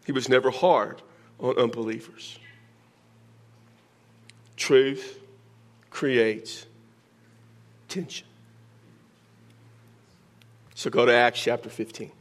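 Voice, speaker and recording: A man's voice: mid-range voice, flat delivery, moderate pace. An older man preaching a sermon, teaching verse by verse with joking asides to his congregation. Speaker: pastor.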